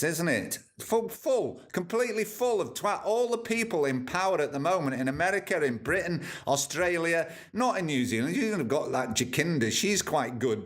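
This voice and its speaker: A podcast host with a fairly high, fairly bright voice reads out news items and rants about them sarcastically. It's comic news commentary on his comedy podcast.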